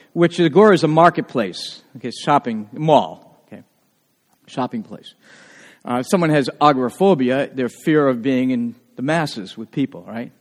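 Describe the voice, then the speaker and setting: A man preaching a sermon, often asking the congregation questions and slowing down to stress key words. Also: a little high, a little mellow, in a large hall. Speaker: pastor.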